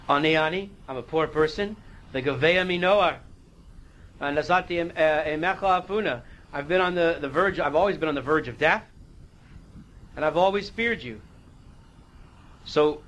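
A man's voice: a little high, a bit bright, low-quality recording. A man teaching a Torah class, reading Hebrew verses and explaining them in a casual, conversational way, sometimes losing his place.

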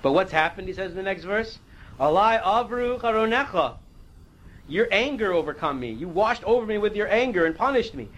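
A man's voice: high-pitched, animated, brisk, a bit bright, poor audio. A man teaching a Torah class, reading Hebrew verses and explaining them in a casual, conversational way, sometimes losing his place.

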